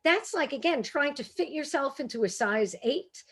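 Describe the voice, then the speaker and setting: A woman with a brassy Brooklyn accent hosting a bookstore author conversation, animated and self-deprecating, laughing often. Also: high voice, moderate pace. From Brooklyn, New York. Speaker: host and editor.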